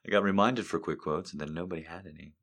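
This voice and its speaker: A man's voice: deep voice, steady tone, quick pace, creaky, a bit bright. A man hosting a casual stream, rambling and swearing with self-mocking jokes and mock-dramatic outbursts. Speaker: streamer host. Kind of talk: casual chat.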